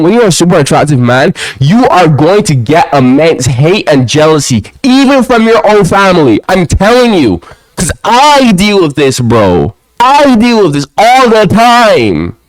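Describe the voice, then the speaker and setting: Young guy venting to his camera, lively up and down voice, keeps saying bro, dead dry room. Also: dry recording, low-quality recording. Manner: ranting, animated, often ends lines with a low "bro". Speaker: vlogger. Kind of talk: casual monologue to camera. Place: quiet home, alone.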